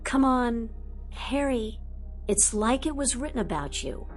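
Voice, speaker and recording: A woman's voice: fairly high pitch, animated, a little slow, soft background music. Woman doing a brash, mouthy teen boy. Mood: teasing. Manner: blunt, mouthy. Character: brash teenage boy wizard, rude and loud.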